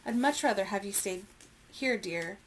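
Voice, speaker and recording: A woman reading aloud, voicing a calm, commanding elephant matriarch in a steady, instructive way. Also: medium pitch, moderate pace, a little hiss or hum, lightly acted. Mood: gentle.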